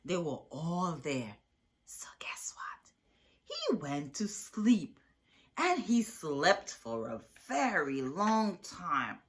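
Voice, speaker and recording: A woman reading a picture book aloud to children in an animated way, stopping to ask her young listeners questions. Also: lowish voice, takes it slowly. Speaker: children's storyteller.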